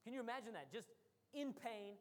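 A woman's voice: a little high, fairly quick. Female preacher, storytelling sermon delivery that swings to emphatic peaks, long hall reverb. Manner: animated storytelling, rising to emphatic bursts.

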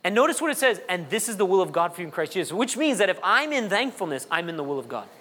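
A pastor preaching an animated sermon. His voice sits high and rises and falls sharply, from loud peaks to low asides. It carries a long reverb from a large church hall. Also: fast.

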